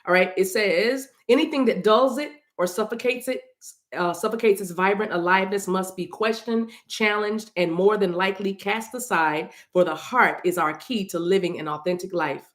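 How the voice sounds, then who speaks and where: A woman's voice: mid-range voice, moderate pace, reverberant. A woman doing a casual livestream card reading, chatting with her audience and reading messages aloud. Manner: chatty, sings snippets, addresses chat directly. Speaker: spiritual reader.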